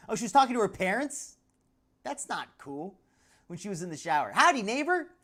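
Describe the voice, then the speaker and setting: A woman's voice: medium pitch, very animated, a little slow. A woman hosting a live commentary stream, chatting loosely, laughing often and breaking off mid-sentence. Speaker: livestream host. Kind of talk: live commentary on social media clips.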